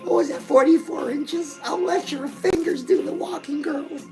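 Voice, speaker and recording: Her voice high and warm, a middle-aged woman delivers a comedic character monologue at a moderate pace as the effusive host of a fitness and lifestyle show. She keeps calling the viewer "girl." Faint music sits behind her, and the recording is rough.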